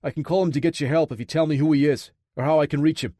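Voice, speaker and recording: A man voicing a hardened male special operative who talks in a gruff, no-nonsense, menacing way. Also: on the high side, steady tone, racing, warm tone, no echo, studio quality, lightly acted. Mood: urgent.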